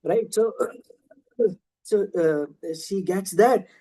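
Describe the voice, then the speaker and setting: A man's voice: sits high, extremely slow, mellow, low-quality recording. Man, casual scripture teacher on a video call, chatty, hesitant, lots of ums. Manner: chatty, hesitant with many fillers. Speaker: class teacher. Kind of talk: scripture class storytelling.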